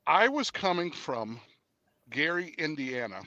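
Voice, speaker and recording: Male guest, lively storyteller who acts out voices and trails off with fillers; bright tone, dry close sound. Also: a little high, unhurried, no room sound, dull audio. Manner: animated storyteller, acts out dialogue; hesitant with fillers. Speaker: interview guest. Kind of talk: casual conversation.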